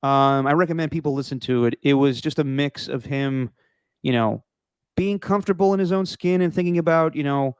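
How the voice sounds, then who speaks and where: Opinionated man, smooth dry podcast voice. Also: a little high, brisk, no echo. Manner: rambling, opinionated, swears casually. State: losing his voice. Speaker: podcast host. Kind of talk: casual sports talk.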